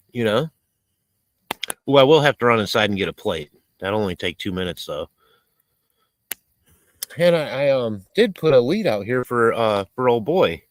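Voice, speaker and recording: A man's voice: medium pitch, rough recording. A man hosting a casual live stream outdoors while cooking, rambling, swearing and reading chat messages aloud. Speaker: livestream host. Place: outdoors in a rural area.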